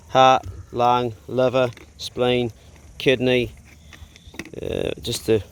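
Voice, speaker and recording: A middle-aged man chatting casually on his farm and talking to his dogs in a relaxed way. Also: medium pitch. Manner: laid-back, talks to his dogs. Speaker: vlogger. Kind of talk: casual chat. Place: farmhouse.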